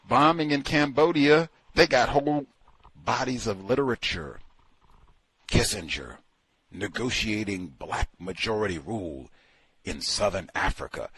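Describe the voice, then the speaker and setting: A man casually talking through a book he is reading, animated and full of rhetorical questions. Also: deep voice, breathy edge. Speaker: book commentator. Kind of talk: casual spoken book review.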